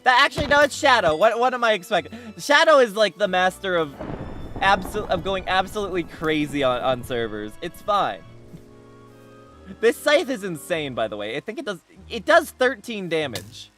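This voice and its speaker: A man's voice: high-pitched, very animated, moderate pace, pushed and bright, soft background music. Rambling upbeat male streamer. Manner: rambling, many restarts and laughs. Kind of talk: casual game livestream chat.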